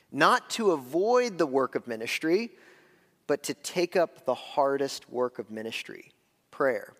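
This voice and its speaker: Male pastor, slightly high voice, conversational sermon delivery, long church reverb. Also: a bit bright. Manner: conversational preaching, shifting between slow emphasis and quick asides.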